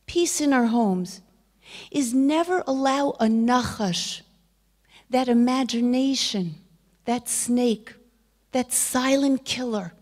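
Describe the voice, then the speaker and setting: A woman's voice: sits high, darkish tone. A middle-aged woman giving a Torah lecture, telling stories, acting out the dialogue and dropping to a whisper for emphasis. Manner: storytelling, acts out quoted dialogue. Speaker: speaker.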